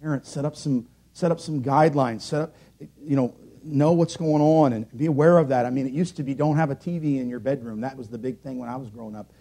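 Husky-voiced preaching man. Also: brisk, few pauses. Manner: earnest, rising to loud emphatic peaks then dropping low. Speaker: pastor. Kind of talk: sermon.

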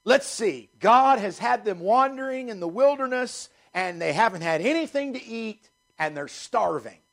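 A man's voice: sits high, lively intonation, normal speed, a bit bright. A middle-aged male pastor preaching a sermon emphatically, throwing rhetorical questions at his congregation.

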